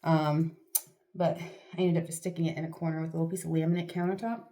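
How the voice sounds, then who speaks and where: Low mellow-voiced chatty woman, sniffly. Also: little pitch movement, fast. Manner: rambling and chatty, with self-deprecating asides. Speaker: vlogger. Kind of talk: casual chat to camera. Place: at home, doing a face mask.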